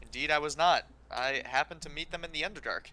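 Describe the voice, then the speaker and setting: A man's voice: on the high side, fast, a crowd in the background, natural voice. A man voicing an evasive human sailor who hesitates a lot and bristles when his ship is insulted. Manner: hesitant, full of ums, then prickly.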